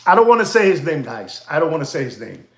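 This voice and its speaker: A man chats casually to livestream viewers, rambling and repeating himself. His voice sits high and swings widely in pitch. The sound is roomy and echoey. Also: sing-song, fast, a bit bright. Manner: rambling, repetitive, laughs often. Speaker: watch dealer hosting a livestream.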